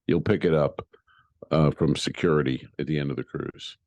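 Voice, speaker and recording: A man's voice: a bass voice, steady tone, moderate pace, darkish tone, dry recording. A man, a comedian co-hosting a podcast, casually telling a profane, exasperated story and acting out what others said.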